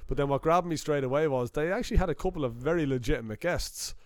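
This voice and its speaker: A man's voice: on the high side, quick pace, no echo, clean studio sound. A man, casually chatting as a podcast host and telling stories with lots of fillers. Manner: chatty storyteller, many fillers, laughs easily. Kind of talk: casual chat.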